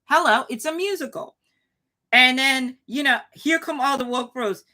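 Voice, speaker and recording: Animated, bright-voiced woman host. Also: sits high, normal speed. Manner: animated, emphatic, talks with frequent restarts. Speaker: show host. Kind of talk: live commentary reacting to chat.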